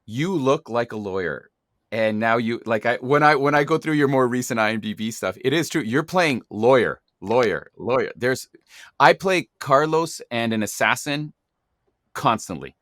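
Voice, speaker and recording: A man's voice: medium pitch, lively intonation, moderate pace, a bit bright, no room sound, studio quality. A man hosting an acting podcast who talks enthusiastically and emphatically. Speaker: podcast host. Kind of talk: podcast interview conversation.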